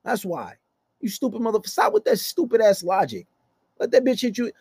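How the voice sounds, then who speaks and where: A man's voice: high voice, huge pitch swings, fairly quick, a little mellow, husky, no room sound. A man hosting a blunt relationship-advice rant, talking aggressively and swearing constantly. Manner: aggressive, blunt, heavy cursing. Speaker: host.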